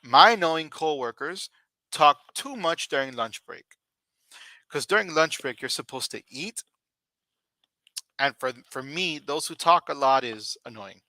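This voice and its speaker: Slow, bright-voiced male English teacher. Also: fairly high pitch, lively intonation, no echo. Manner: slow, deliberate, repeats questions and model answers. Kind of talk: ESL conversation lesson.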